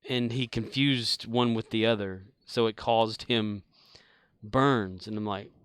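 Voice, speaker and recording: A man's voice: on the low side, steady tone, takes it slowly, clean tone, dry recording. Man rambling through a casual story. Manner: rambling, chuckling, many fillers. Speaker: game streamer. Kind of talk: casual storytelling while gaming.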